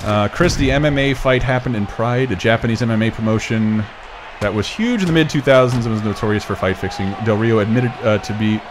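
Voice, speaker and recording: A man's voice: lowish voice, a little fast, background noise. A man hosting a casual livestream, joking, rambling and reading chat comments aloud with frequent laughter. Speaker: podcast host.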